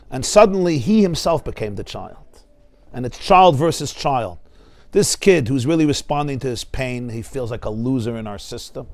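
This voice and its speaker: A man, a rabbi, giving a lively, joking Torah class in a study hall, acting out the people he describes. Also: medium pitch. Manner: animated, joking, acts out voices of people he describes.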